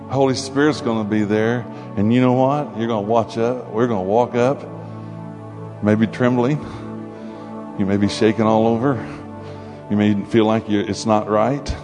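A man preaching a sermon to a congregation, animated and conversational, with playful asides. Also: on the low side. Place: church hall before a congregation. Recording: long hall reverb with faint music.

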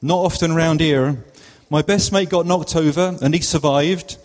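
A man's voice: a little high, a little slow, natural voice. A man voicing a shy ten-year-old village boy with a Cotswold accent, answering in hesitant, mumbled replies. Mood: chatty. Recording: long hall reverb.

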